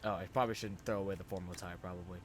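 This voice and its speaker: A man's voice: low-pitched, steady tone, rapid-fire, a little hiss or hum. A man streaming a video game and talking at it, often exasperated and swearing. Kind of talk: gaming livestream commentary.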